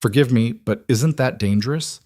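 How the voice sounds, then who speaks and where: A man's voice: medium pitch, moderate pace, darkish tone, dry recording, voice pushed up, natural voice. Man as a mocking she-wolf leader, sly, probing, dry close sound. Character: sly older female wolf alpha, mocking.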